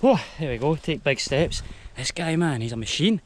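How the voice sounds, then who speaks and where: A man's voice: fairly high pitch, expressive, moderate pace, a little hiss or hum. A young man with a Scottish accent, chatting casually to the camera as he walks up a mountain trail outdoors. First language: Spanish heritage only, English first. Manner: chatty, talks to the camera while walking uphill. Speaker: hiking vlogger. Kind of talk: casual walk-and-talk to camera.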